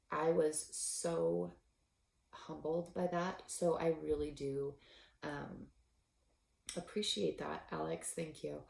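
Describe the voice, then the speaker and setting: A woman with a low-sitting voice and vocal fry hosts a knitting podcast, talking casually on her own. She gets emotional, choking up and laughing often between thoughts, and the sound is roomy.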